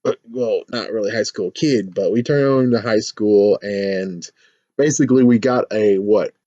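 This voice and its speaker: A man giving a casual, animated review of a TV episode, jumping into squealing fan voices now and then. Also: fairly low pitch, normal speed, no room sound, highs cut off. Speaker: YouTube show reviewer.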